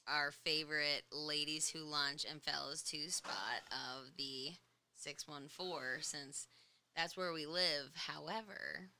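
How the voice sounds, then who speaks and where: A young woman from New York hosting a casual chat, an animated storyteller who laughs often. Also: low voice, slow, clean tone. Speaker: podcast host.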